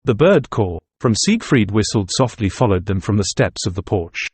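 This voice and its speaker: Low, husky male audiobook narrator. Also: big pitch swings, normal speed, no room sound. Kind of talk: scripted narration of a novel.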